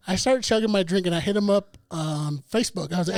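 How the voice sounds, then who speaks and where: A man's voice: high-pitched, fast talker, few pauses, a little mellow, no echo. A man co-hosting a podcast, telling a long profane story in casual chat. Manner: profane, laid-back storyteller. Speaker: podcast co-host.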